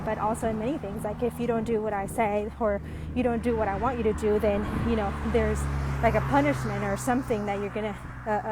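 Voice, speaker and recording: A woman with a fairly high voice speaks casually to camera about parenting. She rambles, trailing off into ums and restarting her sentences, but stays earnest and gets more emphatic as she goes. A faint hum of noise sits under her voice. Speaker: parent vlogger. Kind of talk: casual reflective monologue to camera.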